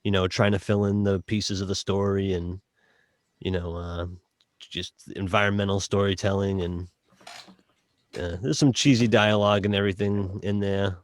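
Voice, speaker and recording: A man with a Boston accent co-hosting a casual podcast chat, halting and full of fillers as he sums up a game. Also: lowish voice, level tone, no room sound. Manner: halting, many fillers and restarts. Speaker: podcast co-host reviewing a game.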